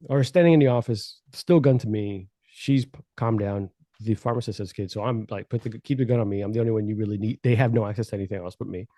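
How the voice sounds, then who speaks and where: A man telling a story on a podcast in a casual, animated and profane way, laughing as he goes. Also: on the low side, fast, hardly any pauses, dry recording, clean studio sound.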